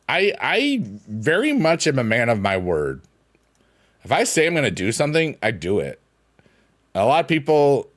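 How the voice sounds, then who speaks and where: Playful rambling male streamer, lively pitch. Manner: rambling, playful, bursts into silly sing-song noises. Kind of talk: casual live-stream chat while gaming.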